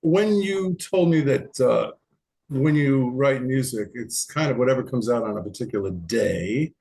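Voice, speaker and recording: A man from the United States hosting a casual interview, enthusiastic and rambling, quick to laugh. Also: mid-range voice, vocal fry, darkish tone. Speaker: podcast host.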